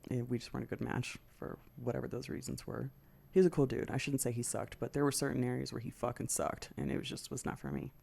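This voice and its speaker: A woman's voice: very deep voice, animated, fast talker, vocal fry, a little mellow, slightly rough. A middle-aged woman hosting a podcast, telling a personal story in a candid, profane way and acting out her own past thoughts. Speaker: podcast host.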